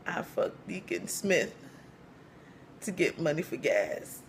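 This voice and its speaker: A man's voice: on the high side, sing-song, slight background noise, pitched above the performer's own voice, heavily acted. A man doing a tearful young pregnant wife. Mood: confessing. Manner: halting, broken phrases. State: crying. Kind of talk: comedic storytelling.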